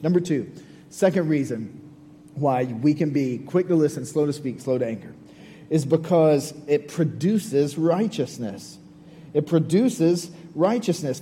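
A man's voice: mid-range voice, warm tone. A man giving a sermon as a pastor, earnest and conversational, with repeated phrases. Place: church sanctuary. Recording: long hall reverb, faint hum.

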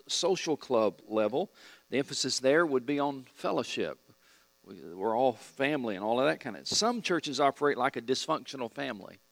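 A man's voice: mid-range voice, a bit bright, dry recording. A middle-aged man teaching an evening Bible study class, asking the group questions and repeating key points.

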